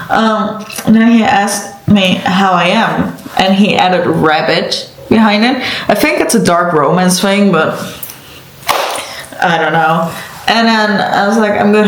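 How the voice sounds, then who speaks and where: A woman's voice: fairly low pitch, reverberant, a little hiss or hum, poor audio. A young woman from the Netherlands doing her makeup and telling a story in a sarcastic, exasperated way. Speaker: makeup vlogger. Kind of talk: casual chat while doing makeup.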